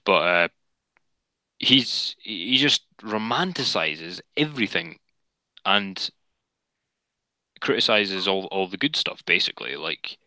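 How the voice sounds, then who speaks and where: A man's voice: low voice, animated, slow pace, pauses often, pushed and bright, no room sound, poor audio. A man co-hosting a casual political podcast, speaking in a wry, dismissive way. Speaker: podcast co-host.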